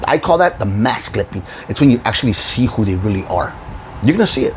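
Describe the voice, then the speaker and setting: A man's voice: medium pitch, sing-song, fast talker, a little hiss or hum, low-quality recording. A man hosting his own video channel, delivering a profane, confrontational rant with frequent laughs. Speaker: YouTube channel host. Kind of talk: ranting vlog monologue.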